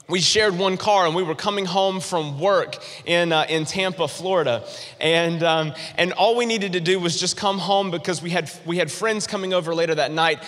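A man with a high, bright voice delivers a sermon, spinning a humorous personal story with animated energy. His words ring out with a long reverb across a large church auditorium. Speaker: pastor.

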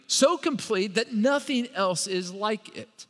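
A man's voice: sits high, animated, slow pace, a bit bright. A man preaching a sermon, with dramatic repetition and rising emphasis, standing before a congregation. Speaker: pastor. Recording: long reverb of a large hall.

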